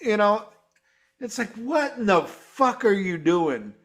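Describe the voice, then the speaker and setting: A man hosting a casual live review chat, swearing freely and getting excited. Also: sits high, slow. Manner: profane, excitable, mimics guitar sounds. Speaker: show host.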